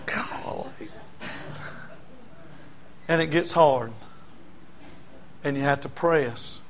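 A man's voice: fairly high pitch, drawn-out words, pauses often, a bit bright, a little hiss or hum. A man preaching a sermon to a church congregation in an emphatic, repetitive cadence with folksy humor.

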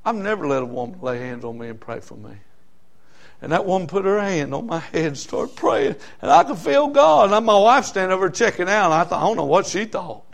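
High-voiced preacher, impassioned. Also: male voice, animated, a little fast, creaky. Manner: impassioned preaching, swinging from hushed storytelling to shouting. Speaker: pastor. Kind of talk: sermon.

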